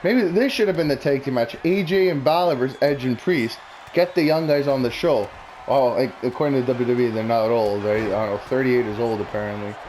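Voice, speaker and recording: A man's voice: medium pitch, brisk, darkish tone, slight background noise. A man talking casually and bluntly, rambling through opinionated predictions with plenty of swearing. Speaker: wrestling commentary vlogger.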